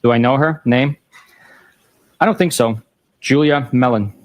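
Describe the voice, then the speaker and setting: A man in a courtroom reading text messages aloud in a flat, matter-of-fact way, timestamps included, into a courtroom microphone. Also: medium pitch, measured pace.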